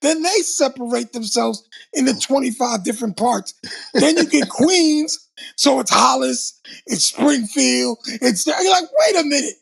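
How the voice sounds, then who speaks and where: A man's voice: extremely high pitch, animated, a little slow, gravelly, breathy edge. An older man from Long Island, New York, telling stories in a casual conversation and animatedly acting out the voices he quotes. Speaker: co-host, former TV host.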